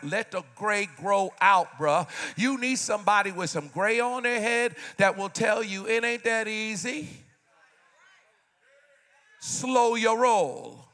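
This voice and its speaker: High, bright-voiced pastor in his fifties. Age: 50s. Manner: animated preaching, swinging from loud bursts to quiet asides. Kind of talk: sermon.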